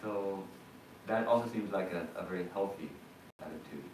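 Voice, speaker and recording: A monk delivers a reflective discourse in a low, measured voice, pausing now and then. He sounds far from the mic, and the hall's echo carries over faint ambience. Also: a little mellow, slight background noise. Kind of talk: sermon. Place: temple hall. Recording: roomy hall, distant mic.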